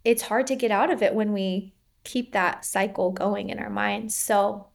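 A woman in her thirties, a podcast guest, shares her birth story in a casual interview, rambling along with many fillers and laughing often. Her mid-range voice is steady and a little slow, with a creaky quality.

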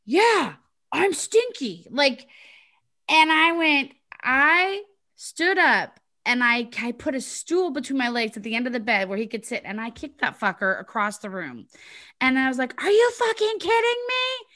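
A middle-aged woman casually telling a personal story to a group, animated and acting out the voices of the people in it. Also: a little high, normal speed. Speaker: group participant sharing a story.

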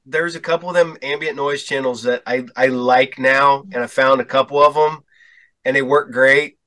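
Bright-voiced laid-back man telling stories. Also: mid-range voice, steady tone, moderate pace, rough recording. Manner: laid-back, chuckling storyteller, swears freely. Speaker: podcast host. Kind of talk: casual chat.

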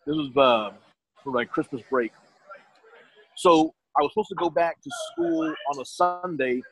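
A man's voice: fairly high pitch, a little slow, slightly rough, poor audio. A middle-aged man telling his story in a casual, rambling way, often restarting his sentences and quoting others.

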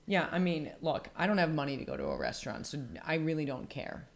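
A woman's voice: sits low, wildly swooping pitch, quick pace, gravelly. An American woman co-hosting a podcast, chatting casually with blunt, sweary rambling. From United States. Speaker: podcast co-host. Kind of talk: casual chat.

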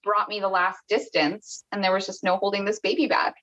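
A woman's voice: mid-range voice, flat delivery, a little fast, a bit bright. Chatty Canadian woman on a dull line. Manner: chatty, many restarts and quoted dialogue. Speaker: podcast guest. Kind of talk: casual storytelling interview.

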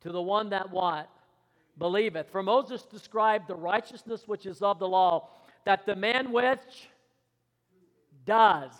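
A male pastor with a notably high voice preaches in a church hall, and his words ring out with a long reverb. He calls out questions for the congregation to answer and swings from soft, murmured asides to loud declarations. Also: slow. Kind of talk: sermon. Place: church sanctuary.

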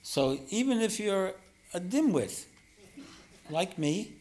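A man giving a spiritual teaching talk as a meditation teacher, gentle and self-deprecating, often chuckling. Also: high voice, big pitch swings, slow pace.

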